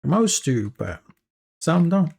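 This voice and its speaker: A streamer from Africa, chatting casually and haltingly, trailing off and correcting themselves mid-sentence. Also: medium pitch, sing-song, creaky, darkish tone, breathy edge. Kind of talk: casual stream chat while working.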